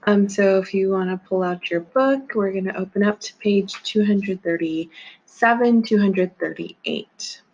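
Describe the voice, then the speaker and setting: A woman's voice: medium pitch, unhurried, a little mellow. A woman teacher giving a recorded grammar lesson, patient and methodical, walking through examples step by step. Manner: patient, methodical, talks through on-screen steps. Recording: slightly dull lo-fi audio.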